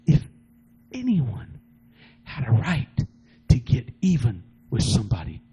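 A man's voice: mid-range voice, wildly swooping pitch, takes it slowly, mellow, breathy edge, poor audio. A middle-aged man preaching a sermon, retelling a story with emotional, rising and falling delivery and frequent repetitions.

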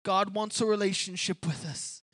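A woman preaching an impassioned sermon, swinging from hushed pleading to shouted declarations and repeated appeals. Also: medium pitch, steady tone, moderate pace, no echo.

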